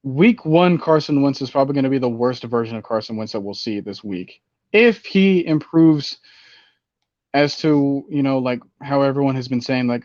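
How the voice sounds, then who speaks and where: A man's voice: medium pitch, normal speed, no room sound, highs cut off. Rambling man talking fantasy football. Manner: rambling, animated, with many fillers. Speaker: fantasy football podcast host. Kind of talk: casual sports talk.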